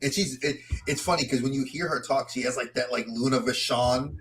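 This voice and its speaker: A man co-hosting a wrestling podcast in casual chat, animated and rambling through lists of names. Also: mid-range voice, a little fast, slight background noise. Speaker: podcast co-host.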